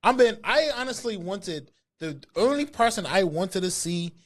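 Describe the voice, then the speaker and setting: A man with a mixed Bermudian and British accent co-hosting a podcast, telling stories in animated, casual chat with free swearing. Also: high-pitched, moderate pace. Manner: animated storyteller, swears freely. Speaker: podcast co-host.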